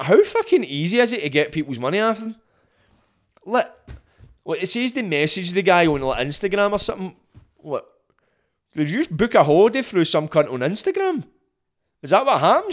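Glaswegian male podcast host, sweary rambling comic monologue, slightly high voice. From Scotland. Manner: sweary, rambling, mimics people in quick asides.

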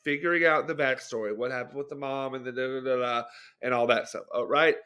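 Man, mid pitch, bright tone, hedging, self-questioning, casual podcast chat. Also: fairly even intonation, fast, clear, resonant tone. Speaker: podcast co-host.

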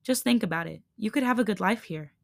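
A woman reading a quiet, loyal male hybrid soldier who speaks gently. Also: mid-range voice, lively intonation, fast, vocal fry, no room sound, studio quality.

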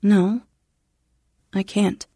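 Woman voicing a brisk military AI module. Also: mid-range voice, level tone, dark tone, slightly rough, no room sound, studio quality, exaggerated voice. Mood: calm. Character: AI combat module with a female pilot's voice.

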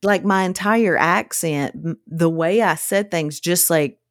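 A woman co-hosting a casual chat podcast, telling animated stories. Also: a little slow, no echo, clean studio sound. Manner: animated storyteller, drawling, quotes people in high voices. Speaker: podcast co-host.

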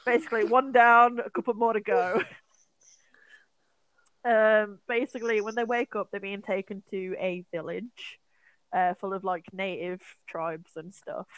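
A woman's voice: medium pitch, fairly even intonation, a little slow, fairly bright tone, no room sound, low-quality recording. A young woman co-hosting a podcast, casually retelling a film with lots of fillers, swearing and acted-out quotes. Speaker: podcast co-host.

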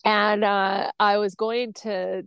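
A woman, a podcast guest, telling a personal story in an animated, blunt way, acting out other people's voices and swearing freely. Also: medium pitch, takes it slowly, clean tone, no echo.

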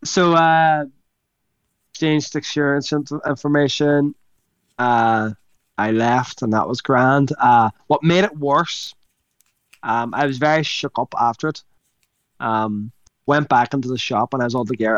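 A man's voice: mid-range voice, measured pace, fairly bright tone, clear, resonant tone, dry recording, dull audio. A man co-hosting a podcast, telling a rambling story with lots of swearing and laughing mid-sentence. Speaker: podcast co-host. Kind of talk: casual storytelling chat.

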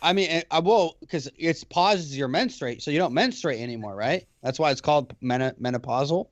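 A man co-hosting a casual podcast, swearing freely and talking in animated runs. His voice sits at an ordinary middle pitch. The sound is dry and a little dull. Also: brisk, no echo. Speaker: podcast co-host. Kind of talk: casual chat. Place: lives in Alabama.

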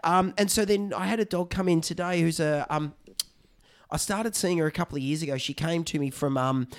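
Animated vet, fairly high voice. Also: male voice, a little fast. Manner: animated, stumbling restarts. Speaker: veterinarian podcast co-host. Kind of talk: casual chat.

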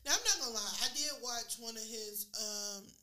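A woman's voice: on the high side, lively intonation, moderate pace, bright, forceful tone, reverberant. A woman chatting casually on a podcast, blunt and swearing freely. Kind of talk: casual chat.

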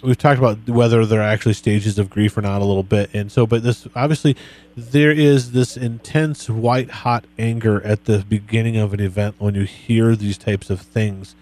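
A man hosting a podcast interview, talking in a relaxed, friendly way as he asks his guest questions. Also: on the low side, moderate pace. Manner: relaxed, friendly, reads quotes back to the guest. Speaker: podcast host. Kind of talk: conversational interview.

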